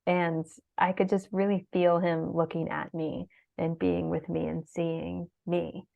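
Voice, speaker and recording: Speaking unhurriedly in a gravelly voice on the low side, with little variation in pitch, a middle-aged woman is interviewed as a guest. The conversation is emotional; she's heartfelt, sometimes in tears, and uses many fillers. The audio is dull and lo-fi.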